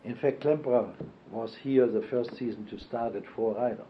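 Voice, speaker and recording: Older man reminiscing, halting. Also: medium pitch, slight background noise. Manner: halting, many fillers and self-corrections. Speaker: oral history interviewee. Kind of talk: reminiscing oral history interview. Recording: dull lo-fi archival tape.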